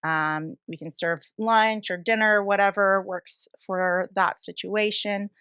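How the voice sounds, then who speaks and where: A woman's voice: mid-range voice, fairly even intonation, takes it slowly, a bit bright, clear, resonant tone, dry recording, clean studio sound. A woman from Oregon, a bistro owner chatting as a podcast guest in an upbeat, talkative way with plenty of fillers. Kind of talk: casual interview chat.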